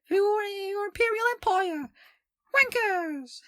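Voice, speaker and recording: A man voicing his teenage schoolboy self as a squeaky, outraged, mock-posh boy who rants and swears. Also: takes it slowly, bright, forceful tone, no room sound, clean studio sound, exaggerated voice. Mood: indignant. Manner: shrill sweary ranting.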